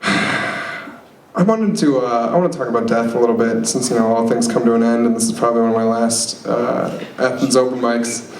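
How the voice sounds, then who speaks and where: A young man performing a stand-up set at an open mic, rambling and self-deprecating with lots of fillers. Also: mid-range voice. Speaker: stand-up comic. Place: open mic comedy venue. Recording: echoey room, noisy live venue.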